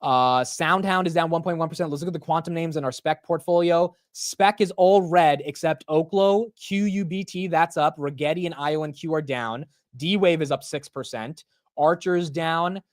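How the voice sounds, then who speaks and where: A man's voice: a little high, moderate pace, no room sound, clean studio sound. A young man hosting a live market stream, chatting casually about stock prices and answering his chat with "bro" and "dude". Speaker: livestream market commentator.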